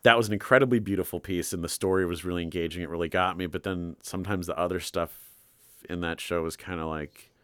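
A man co-hosting a podcast in casual chat, rambling with drawn-out asides and frequent laughter. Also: low voice, steady tone, a bit bright, clear, resonant tone, no echo, studio quality. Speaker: podcast co-host. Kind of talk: casual chat about art.

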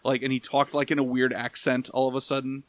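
A man's voice: medium pitch, little pitch movement, brisk, dry recording. A man in casual podcast chat reviewing a movie, rambling and profane, breaking into goofy impressions. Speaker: podcast co-host.

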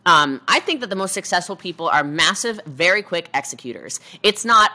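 Bright-voiced energetic woman. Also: on the low side, fairly quick, few pauses. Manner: energetic, emphatic, acts out quotes in voices. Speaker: guest entrepreneur. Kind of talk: motivational conversation.

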